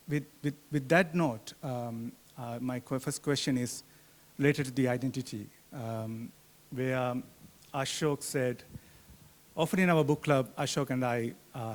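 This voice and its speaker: Man in his 40s, book club member, halting question, long hall reverb. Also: medium pitch. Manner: halting, many fillers and restarts, soft laugh. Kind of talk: hesitant audience question.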